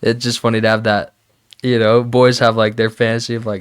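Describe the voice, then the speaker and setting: A man as a podcast guest, telling a story in a relaxed, amused way during a casual chat. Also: lowish voice, normal speed, clean tone, no echo.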